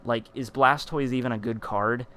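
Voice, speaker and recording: Man, vlogger, casual storytelling, animated, rambling, lots of fillers and restarts, mid pitch. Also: normal speed, clean tone.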